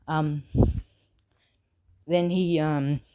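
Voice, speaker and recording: A woman casually retelling a fan story, halting often with fillers and self-corrections. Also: sits low, steady tone, noisy background.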